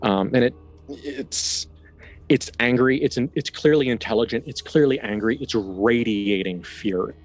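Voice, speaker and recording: A man running a tabletop horror game as game master, describing the scene quickly with amusement. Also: mid-range voice.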